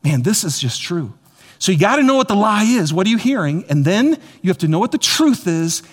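A man preaching a sermon as pastor, animated and repetitive, speaking straight to his congregation. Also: sits high, fairly quick. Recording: long hall reverb.

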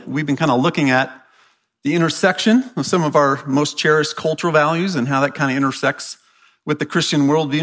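An American man with a mid-range, slightly bright voice gives a conversational sermon to a church crowd. He's chatty and keeps checking in with the audience by asking "right?"

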